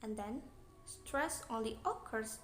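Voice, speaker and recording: A woman's voice: a little high, slow. A young woman with an Indonesian accent reads out an English pronunciation lesson in a plain explaining manner. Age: young adult. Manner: plain, read-aloud explaining. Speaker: student presenter. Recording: echoey room, faint noise.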